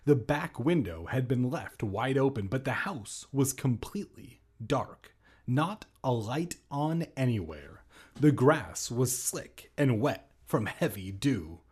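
A man's voice: medium pitch, lively intonation, takes it slowly, darkish tone, husky. A man reading a spooky children's book aloud with sarcastic, mocking asides. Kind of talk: comedic read-aloud with commentary.

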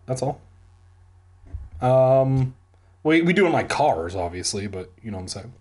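A man's voice: medium pitch, very animated, a little slow, pauses often, a little mellow, slightly rough. A man from San Diego reading a book aloud for comedy, breaking off into rambling, joking asides. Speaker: reader and comedian.

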